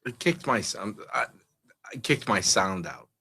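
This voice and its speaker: Calm man with a bouncing pitch. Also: unhurried, vocal fry, a little hiss or hum. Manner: calm, even-tempered, low-key. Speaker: show producer.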